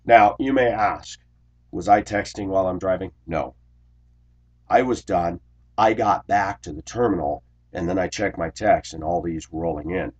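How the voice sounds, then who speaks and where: A man who drives a school bus, telling a workplace grievance story in an indignant, complaining way, clearing his throat often. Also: low-pitched, moderate pace, muffled recording. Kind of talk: ranting personal storytelling vlog.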